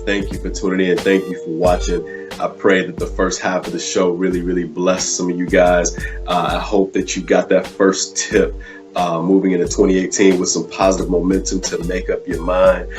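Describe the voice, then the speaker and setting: A man's voice: sits low, flat delivery, moderate pace, music in the background. A man hosting a live online show as a life coach, casual with many fillers, rising into fervent preaching. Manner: rises into fervent preaching cadence.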